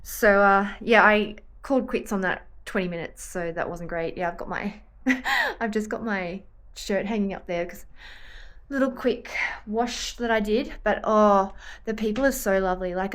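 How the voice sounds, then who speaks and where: A young woman with an Australian accent talks casually to her camera, chatty and a little scattered. She drifts off topic and pulls herself back, at an everyday medium pitch. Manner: chatty, rambling, easily sidetracked. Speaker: vlogger and triathlete.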